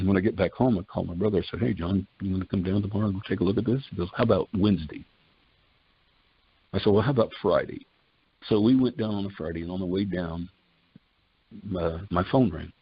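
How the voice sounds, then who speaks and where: An older man with a very deep, gravelly and husky voice tells his personal story in a folksy, conversational way. He acts out old conversations in quoted exchanges. The sound is dry and dull, like a lo-fi recording. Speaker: testimony speaker.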